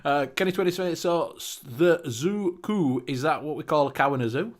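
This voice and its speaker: Lively high-voiced British host, laughing often. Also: male voice, normal speed. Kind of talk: casual livestream chat.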